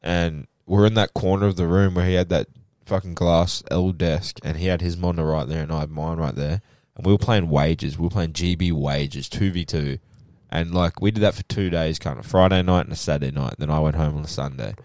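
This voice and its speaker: A young Australian man with a very low voice tells stories in a loose podcast chat. He is animated and swears constantly. The sound is dry and close. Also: a little fast, hardly any pauses, no room sound. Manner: animated storytelling, heavy swearing. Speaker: podcast co-host. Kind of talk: casual chat.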